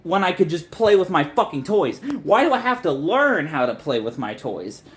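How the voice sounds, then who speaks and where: A young adult video essayist delivers a frustrated, profanity-laced rant that rambles and restarts often. The voice sits at a middle pitch. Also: sing-song, normal speed. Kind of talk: ranting commentary.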